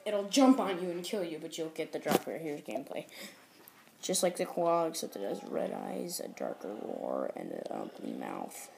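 Woman, casual game commentary, tutorial host, rambling, self-correcting, lively pitch, lowish voice.

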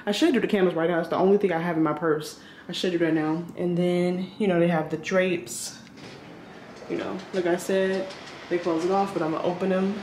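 A woman's voice: lowish voice, fairly even intonation, a little fast, darkish tone, echoey room, slight background noise. A woman filming a casual vlog in a hotel room, rambling and chatty with lots of fillers. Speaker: vlogger.

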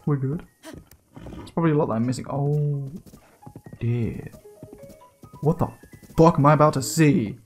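A young man commenting on his gameplay casually, excitable and swearing, often yelling in surprise. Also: on the high side, unhurried, pauses often, faint music behind. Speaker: let's play gamer.

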